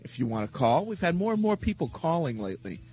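A man's voice: on the high side, big pitch swings, fast, dark tone, breathy edge, lo-fi sound, faint music behind. Upbeat male web radio host. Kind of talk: casual talk show.

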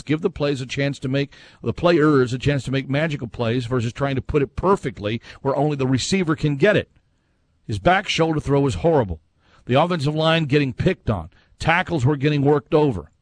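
On a dry recording, a man with a mid-range voice hosts a casual sports talk program. He keeps it conversational, reading messages from listeners and offering his own takes.

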